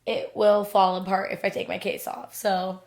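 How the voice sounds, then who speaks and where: A young woman co-hosting a podcast, telling a story in casual chat, acting out quotes loudly and swearing freely. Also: mid-range voice, flat delivery, normal speed, creaky. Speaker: podcast co-host.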